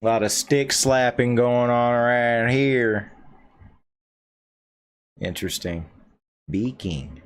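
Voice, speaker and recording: A man hosting a live reaction stream, reading out chat comments in a low-key, offhand way. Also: slow pace, pauses often, clear, resonant tone.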